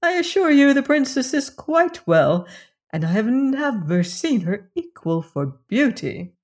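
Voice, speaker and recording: A woman voicing a kind, cheerful old fairy in a storybook reading, speaking with bright, raised eagerness. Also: high-pitched, very animated, unhurried, pitched above the performer's own voice, heavily acted.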